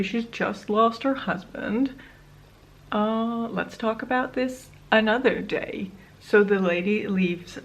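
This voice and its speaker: A woman's voice: mid-range voice, a bit bright. A young woman chatting casually while doing her makeup, telling a personal story in a rambling, candid way with small laughs. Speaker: beauty vlogger. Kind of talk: casual get-ready-with-me chat.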